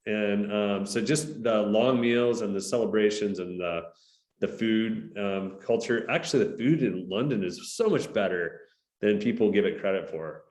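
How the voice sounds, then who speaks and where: American male guest, lowish voice, roomy echo, relaxed. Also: normal speed. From United States. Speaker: guest entrepreneur. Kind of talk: podcast interview.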